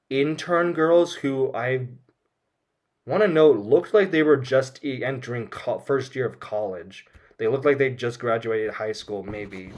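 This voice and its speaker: A man talking through a film in a casual commentary, recapping scenes as he goes. He is opinionated and frank. His pitch sits in an ordinary middle range. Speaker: film reviewer.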